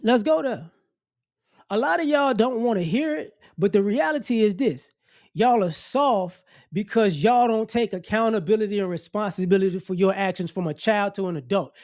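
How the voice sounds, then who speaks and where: A man with a high-pitched voice delivering a blunt, scolding opinion rant. He talks straight at his listeners and mocks the people he criticizes. He often circles back and repeats his points for emphasis. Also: a little mellow, dry recording, clean studio sound. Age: adult. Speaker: commentary channel host.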